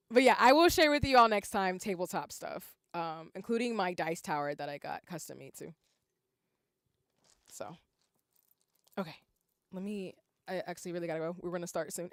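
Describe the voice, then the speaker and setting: A young woman, chatting casually on a livestream while she works on lace, saying y'all a lot and breaking into excited squeals. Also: lowish voice, normal speed, long pauses, slight background noise. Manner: chatty, says "y'all" often, bursts into squealing yells. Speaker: streamer.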